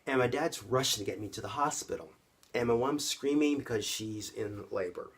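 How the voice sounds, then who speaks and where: Husky-voiced man telling his own story. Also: medium pitch, normal speed. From Canada. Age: around 50. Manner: conversational, addresses viewers directly. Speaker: vlogger. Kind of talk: personal storytelling to camera.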